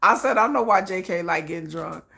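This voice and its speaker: A woman's voice: on the low side, a little fast, creaky, sharp tone. A woman hosting a casual livestream, chatting and laughing often and greeting viewers in the chat. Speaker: livestream host.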